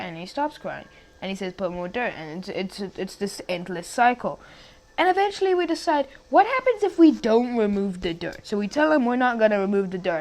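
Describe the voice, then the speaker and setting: A young woman telling a story about her school days in a casual, rambling way, with many restarts and asides. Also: medium pitch.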